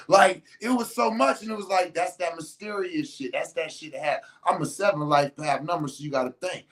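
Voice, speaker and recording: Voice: medium pitch, fairly quick, hardly any pauses, fairly bright tone. Profane, slangy podcast storyteller. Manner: restarts and repeats words often. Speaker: podcast host. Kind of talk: casual storytelling monologue.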